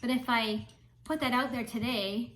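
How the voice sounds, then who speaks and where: A woman's voice: on the high side, fairly even intonation, normal speed, a bit bright, low-quality recording. A woman, a spiritual mentor talking casually to camera in a chatty way, often checking in with "right?". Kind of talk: casual vlog talk to camera.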